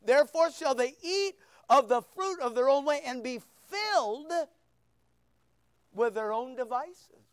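A man's voice: very high voice, unhurried, clear, resonant tone, dry recording. A man preaching a sermon, reading scripture and acting out voices as he goes. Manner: animated preaching, acts out quoted voices. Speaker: pastor.

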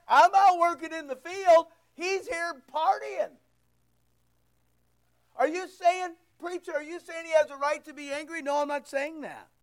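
High-voiced preacher with a drawl. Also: male voice. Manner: emphatic, conversational preaching with rhetorical questions. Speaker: pastor. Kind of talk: sermon.

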